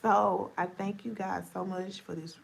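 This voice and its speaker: Medium in pitch, steady, a little slow and gravelly, this woman chats on a live stream. She's sleepy and playful, talking straight to viewers as her voice grows deep and scratchy.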